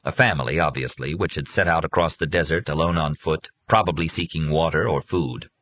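A man narrating an audiobook in a measured, even reading. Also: a bass voice.

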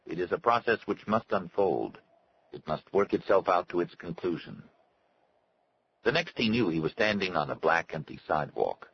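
A man narrating a story in a measured, scripted reading style. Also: very deep voice, muffled recording, a little hiss or hum. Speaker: audiobook narrator.

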